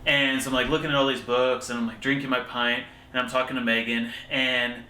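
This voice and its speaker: Young guy telling a funny trip story, crisp bright tone, faint hiss. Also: mid-range voice, level tone, fairly quick. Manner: jokey, laughing. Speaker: travel vlogger. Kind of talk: casual storytelling chat. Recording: echoey room, faint background noise.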